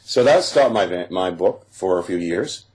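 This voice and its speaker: Very low-voiced man telling his story. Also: lively intonation, a little mellow. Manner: halting, with frequent fillers and restarts, vivid step-by-step detail. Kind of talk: personal testimony monologue.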